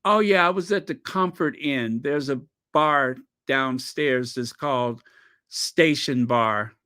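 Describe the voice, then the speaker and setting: Slow, bright-voiced African American man. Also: medium pitch, clean tone. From United States. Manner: rambling, excitable travel storytelling, pausing to recall. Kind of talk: casual chat.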